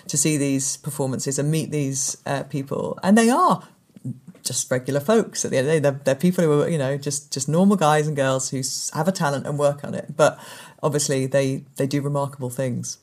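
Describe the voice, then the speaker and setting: A woman in her fifties, a sports presenter, telling animated, rambling stories as an interview guest. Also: deep voice, brisk. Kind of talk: anecdotal interview chat.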